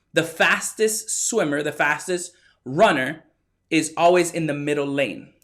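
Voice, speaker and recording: A man giving a motivational talk, telling a story with lively acted-out quotes. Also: on the high side. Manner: animated storyteller who acts out the quotes. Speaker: motivational speaker.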